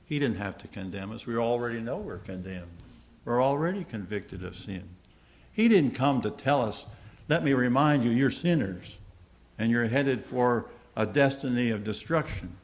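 A man's voice: mid-range voice, animated, moderate pace. A man preaching a sermon to a congregation, earnest, asking the listeners questions and repeating key lines.

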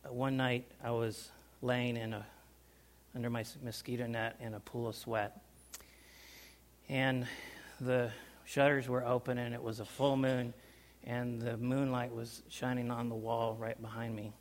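A man telling a personal story to a small group, animated, with loudness swinging up and down and sounds acted out. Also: mid-range voice, measured pace. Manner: animated, loudness rising and falling, acts out sounds. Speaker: speaker recounting life overseas.

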